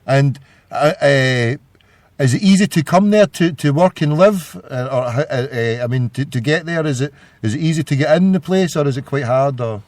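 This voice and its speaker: A man's voice: mid-range voice, animated, moderate pace, darkish tone, no echo. A Scottish man hosting a call-in radio show, rambling and jokey, with a lot of stumbling restarts. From Scotland. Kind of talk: casual call-in radio chat.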